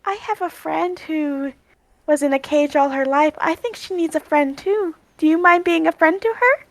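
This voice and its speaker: A woman playing a kind young adventurer, speaking softly and reassuringly. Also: high-pitched, lively intonation, normal speed, no room sound, poor audio. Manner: soft, reassuring, earnest.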